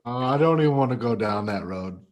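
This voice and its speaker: A man's voice: mid-range voice, lively intonation, brisk, muffled recording. A man in a casual podcast chat, joking and teasing the others.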